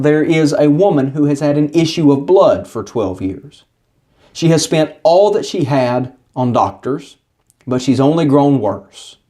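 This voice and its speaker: Mellow-voiced man telling a Bible story. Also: a little high. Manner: earnest storytelling, acting out quoted speech. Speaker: Bible teacher. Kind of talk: scripted Bible study narration.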